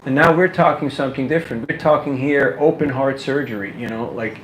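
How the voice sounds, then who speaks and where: A man giving a casual workshop talk on book distribution, animated and full of rhetorical questions, laughing now and then. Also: medium pitch, fast talker, hardly any pauses, reverberant, a little hiss or hum, poor audio.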